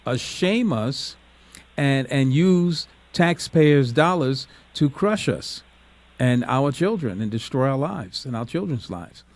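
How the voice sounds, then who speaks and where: A man's voice: medium pitch, animated, slow pace. A man from the United States hosting a call-in radio talk show, speaking in an earnest, encouraging way.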